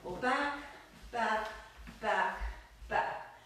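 A woman leads a belly dance lesson, counting out steps in a playful, upbeat way. She talks slowly in a fairly high voice. She sounds distant from the mic in a very echoey room with faint noise. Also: a bit bright. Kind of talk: live online dance class instruction.

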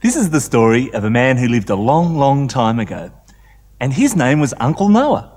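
A man's voice: mid-range voice, big pitch swings, moderate pace, darkish tone, slightly rough, big-room sound. An Australian man telling a story to young children and making animal noises.

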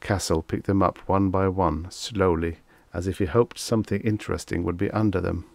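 Deep, gravelly male audiobook narrator. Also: fairly even intonation, normal speed, a little mellow, dry recording. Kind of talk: scripted narration of vintage science fiction.

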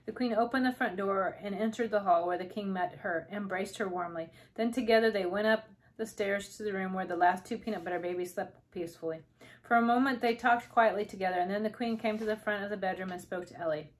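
Woman reader, calm and steady, children's book narration. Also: mid-range voice, poor audio. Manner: calm, unhurried storytelling. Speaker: storybook reader. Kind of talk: reading a children's novel aloud.

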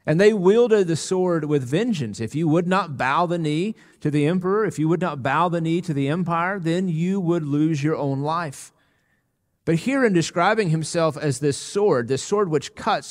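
A man preaching a sermon as pastor, earnest and emphatic, slowing down on key words. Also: a little high. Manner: earnest, emphatic preaching with slow, weighty pauses. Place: church sanctuary. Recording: long reverb of a church hall.

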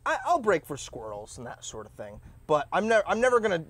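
Speaking briskly at a fairly high pitch, this young podcast co-host from Indiana animates his casual stories by performing his own reactions. The recording is dry.

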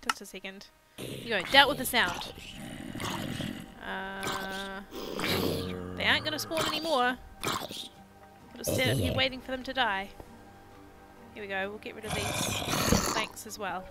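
A woman's voice: mid-range voice, unhurried, pauses often. A woman hosting a video game let's play with casual, playful commentary, now and then slipping into mock pirate talk. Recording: loud background music.

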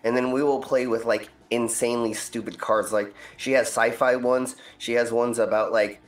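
A man's voice: medium pitch, little pitch movement, moderate pace. A man hosting a game stream in casual chat, rambling with plenty of ums and uhs. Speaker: stream host. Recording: roomy echo, faint music.

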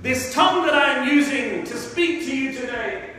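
High-voiced imam preaching passionately. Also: male voice, expressive, moderate pace, pushed and bright. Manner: impassioned, emotional preaching. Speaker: imam delivering a sermon. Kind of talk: sermon. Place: large mosque prayer hall. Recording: echoey hall from far off.

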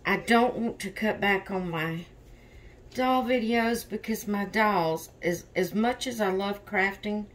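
A woman hosting a doll vlog in casual chat, tired and yawning, rambling openly about her stress. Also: medium pitch. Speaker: reborn doll channel host.

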